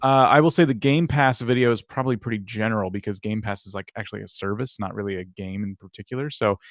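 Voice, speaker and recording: A man co-hosting a channel review, relaxed and thinking aloud as he goes. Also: lowish voice, fast, no room sound, studio quality. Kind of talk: casual channel review chat.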